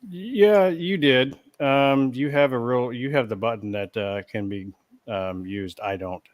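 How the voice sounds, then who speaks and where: A man's voice: mid-range voice, unhurried, no echo. A man co-hosting a live stream, reading viewer comments to the host, hesitant and stumbling over his words.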